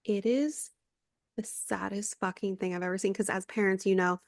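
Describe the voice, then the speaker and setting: A woman's voice: medium pitch, fairly even intonation, moderate pace, dry recording, clean studio sound. A woman in her thirties co-hosting a podcast, telling a story in casual chat, acting out quotes and swearing freely. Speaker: podcast co-host. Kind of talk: casual chat recapping a reality show.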